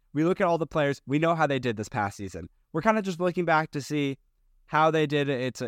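Man with a smooth, resonant voice. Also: medium pitch, no room sound, clean studio sound. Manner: rambling, with many fillers and restarts. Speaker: podcast co-host. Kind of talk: casual chat.

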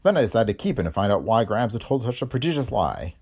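A man voicing a calm, smug male private detective who explains blandly. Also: on the low side, fast, slightly rough, full character voice.

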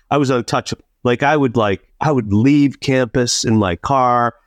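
A podcast co-host with a medium-pitched voice talks at normal speed, recorded cleanly in a studio with no room sound. Laughing often, he animatedly tells a story in casual conversation and acts out people's quotes.

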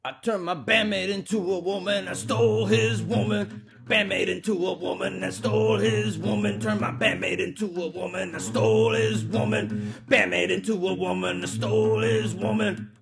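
A man's voice: sits high, fairly even intonation, moderate pace, gravelly, voice pushed up. A man voicing a boastful, scheming male metal singer in a sung parody over guitar. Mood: gloating. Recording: song with guitar music behind.

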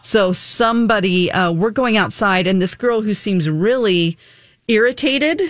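A woman's voice: mid-range voice, unhurried, dry recording, clean studio sound. A young adult woman co-hosting a casual morning radio chat, telling a story animatedly, acting out quotes and laughing often. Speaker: radio show co-host.

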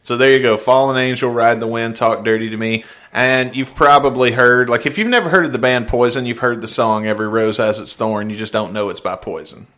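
A man from the hosts a podcast in a loose, joking way. His voice is bright and clear, and he swears freely as he spins a story. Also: mid-range voice, steady tone, a little fast, few pauses. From Mississippi, US. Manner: storytelling, swearing, laughing often. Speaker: podcast host. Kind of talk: casual podcast chat.

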